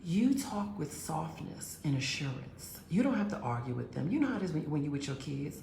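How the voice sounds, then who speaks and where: Gravelly-voiced woman telling a relationship story. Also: sits low, very animated, a little fast, warm tone, slight background noise. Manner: acts out both sides of conversations; direct, addresses listeners as girls and honey. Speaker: relationship advice speaker. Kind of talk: casual storytelling with advice. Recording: roomy echo.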